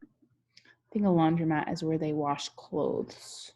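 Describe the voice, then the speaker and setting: A woman's voice: low-pitched, steady tone, takes it slowly, dark tone. A young woman teacher reads a picture book aloud to children, chatting and asking them questions along the way.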